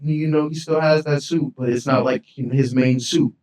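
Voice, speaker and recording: A man's voice: medium pitch, steady tone, normal speed, a little mellow, far from the mic. Rambling man on an echoey podcast. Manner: rambling, repeats words, slangy "you feel me". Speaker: podcast co-host. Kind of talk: casual chat.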